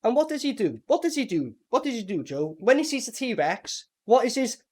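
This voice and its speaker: A man casually reviewing a film with a co-host, animated and mocking, swearing often. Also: very high-pitched, moderate pace. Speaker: movie reviewer. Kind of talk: casual movie review chat.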